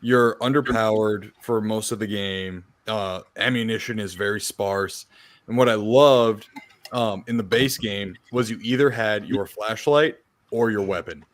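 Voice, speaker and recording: A man co-hosting a casual podcast chat, talking in a relaxed way with lots of fillers, laughing and swearing as he recounts. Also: lowish voice, unhurried. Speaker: podcast co-host.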